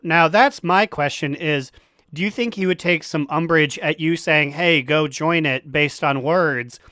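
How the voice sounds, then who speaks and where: A man's voice: fairly high pitch, a little slow, sharp tone, dry recording, clean studio sound. A man co-hosting a casual gaming podcast, making wry jokes. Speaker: podcast co-host.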